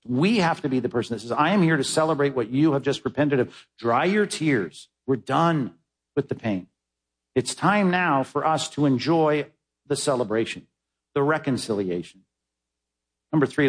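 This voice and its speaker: A man preaching a sermon as pastor, stressing words with sudden high, loud bursts and dropping to low, quiet asides. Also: husky.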